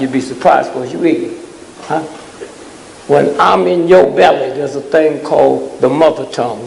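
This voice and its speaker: A man with a deeply gravelly, somewhat high voice delivers a blunt, scolding lecture to a live audience in the cadence of a sermon. He keeps checking in with the crowd, asking "huh?". The sound rings with the long reverb of a large hall over a faint hiss. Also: a little mellow. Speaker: speaker addressing a live audience. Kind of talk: fiery preaching-style lecture.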